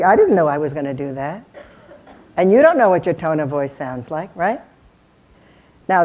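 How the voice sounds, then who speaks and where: A woman's voice: on the low side, dark tone. A woman giving a live seminar to lawyers, engaging the audience with rhetorical questions and demonstrating tones of voice. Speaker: communications consultant lecturing lawyers. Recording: dull lo-fi recording.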